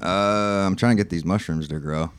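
A man's voice: low-pitched, moderate pace, smooth, no echo. A man co-hosting a casual podcast, laid-back and laughing often. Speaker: podcast co-host and editor. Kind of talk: casual chat.

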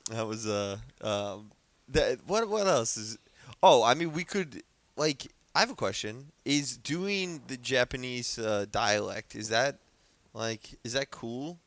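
A man co-hosts a comedy podcast, his pitch swinging widely as he talks, heard close and dry. He is giggly and curious, tossing in questions and restarting his sentences. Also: animated, takes it slowly, no echo. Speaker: podcast co-host. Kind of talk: casual comedic chat.

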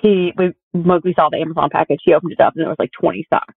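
A woman's voice: deep voice, steady tone, rapid-fire, creaky, slightly rough. Young woman telling stories over a tinny line. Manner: chatty storytelling with many fillers. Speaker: guest. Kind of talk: casual conversation. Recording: tinny phone-like audio.

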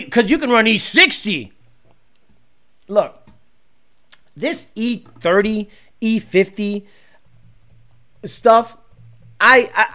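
A woman hosting a casual livestream as a car tuner, profane and animated, laughing often. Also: a little high. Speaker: car tuner and stream host.

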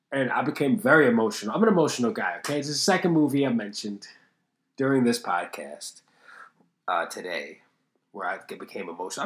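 A podcast host with a mid-range voice talks alone in a roomy-sounding space. His casual show wanders from topic to topic, loaded with profanity and self-deprecating humor.

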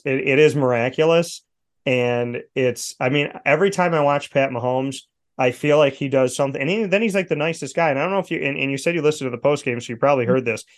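A man who hosts a sports broadcast, chatting casually and acting out quotes as he tells stories. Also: medium pitch. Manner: animated storyteller, acts out quotes.

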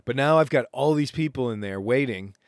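A man hosting a podcast, casually retelling an adventure in a rambling, animated way with self-interrupting restarts. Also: mid-range voice, brisk, no room sound, studio quality. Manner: rambling, animated retelling with laughs and acted quotes. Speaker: podcast host. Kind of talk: casual storytelling monologue.

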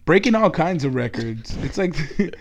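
A man's voice: fairly high pitch, sing-song, normal speed, crowd noise. Playful rambling podcast host, man. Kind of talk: casual chat.

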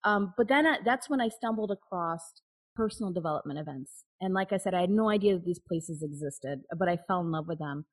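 A woman's voice: lowish voice, lively intonation, a little fast, breathy edge, rough recording. A woman guest telling a personal story in an interview, candid and open, laughing now and then. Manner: candid, with frequent restarts and nervous laughs.

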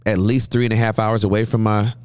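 A man in his forties from Southern California, a pastor telling stories as a guest in an interview, with a humorous, lively manner. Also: on the low side, quick pace, clear, resonant tone, no echo. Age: 40s. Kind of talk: interview storytelling.

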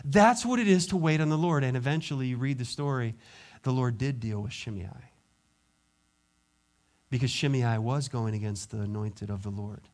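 A pastor preaching a sermon, acting out quoted voices and dropping to quiet intensity. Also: male voice, medium pitch, moderate pace.

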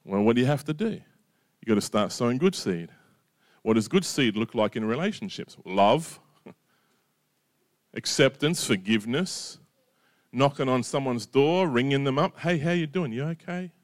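A middle-aged man preaches in a relaxed, conversational way, often checking in with his listeners. His voice sits at an ordinary middle pitch. The sound is dry and close, with no room echo. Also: measured pace, pauses often. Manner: conversational, drops in "right?" and "you know". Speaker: pastor. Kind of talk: sermon.

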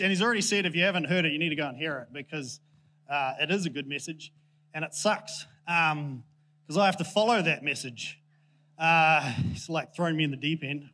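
A man's voice: a little high, a bit bright. A man giving a casual, joking sermon to a church congregation, chatty and self-deprecating with plenty of ums. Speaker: preacher.

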